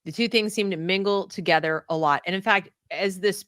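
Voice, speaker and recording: A woman giving video commentary on a clip, talking with halting restarts and sudden emphasis. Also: medium pitch, a bit bright, no echo, studio quality. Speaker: online commentator.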